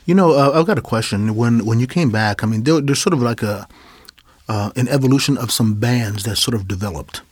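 Male radio host, husky voice, dry close sound, halting, repeats himself. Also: medium pitch, no echo. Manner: halting, restarts and repeats phrases. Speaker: interviewer, host.

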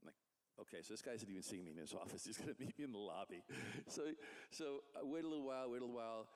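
Lower-pitched male comic artist, casual storyteller, animated, slips into voices for the people in his story. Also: racing.

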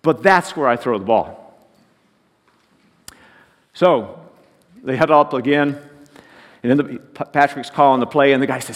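A man's voice: medium pitch, a little slow, long pauses. Folksy male pastor preaching in a hall. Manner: folksy, joking storyteller. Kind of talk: sermon.

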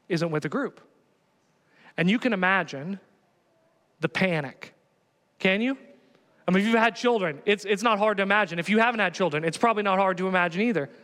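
A man preaching a sermon in a conversational, animated way, often asking the congregation rhetorical questions. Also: sits high, in a large hall. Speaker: pastor.

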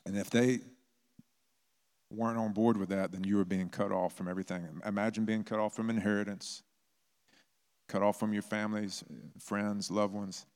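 A man's voice: fairly low pitch, little pitch movement, moderate pace, darkish tone, clear, resonant tone. A man preaching a sermon as a pastor, telling stories in a conversational way. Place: church. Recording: long reverb of a church hall.

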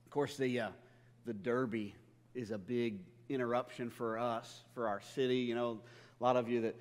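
A male pastor delivering a sermon, mixing personal stories and gentle humor, often stumbling over and repeating his words. His voice sits at an ordinary pitch and trails off into the long reverb of a big church hall. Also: level tone, moderate pace.

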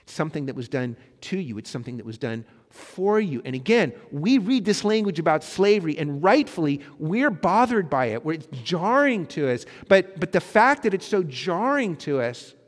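A male pastor preaching a sermon, swinging between loud emphatic lines and soft hushed ones. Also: a little high. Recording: long hall reverb.

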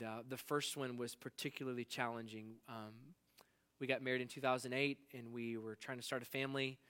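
A man preaching a sermon with a bright, crisp voice pitched a little high. He slows right down to press on key words and lets his voice drop low and quiet for personal moments. He sounds like a pastor in his forties.

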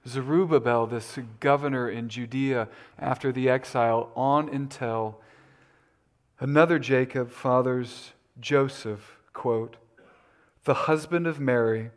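A man preaching a sermon as pastor, deliberate and emphatic, his voice lifting when he makes a point. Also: mid-range voice, steady tone.

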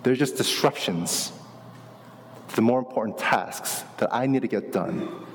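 A pastor delivering a relaxed, animated sermon, talking with his church like a friend. His voice sits in an ordinary middle range. A long reverb hangs on every phrase, as in a large hall. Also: medium pitch, unhurried, vocal fry, a little hiss or hum. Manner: conversational, animated teaching with asides.

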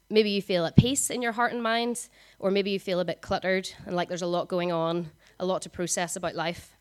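Young woman preacher, lowish voice, quick and chatty with lots of ums. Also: clear, resonant tone. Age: 20s. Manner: fast talker, frequent ums. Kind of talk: conversational sermon. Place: church service.

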